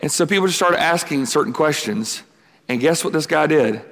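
A man's voice: on the high side, lively intonation, normal speed, fairly bright tone, long reverb tail. A man preaching at a camp, telling a story and acting out the conversations in it. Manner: storytelling, acts out quoted exchanges. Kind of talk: sermon.

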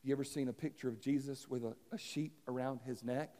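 A man preaching a sermon, telling a parable in an animated, dramatic way that swings from loud to hushed. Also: medium pitch, fairly quick, hardly any pauses, in a large hall. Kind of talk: sermon storytelling.

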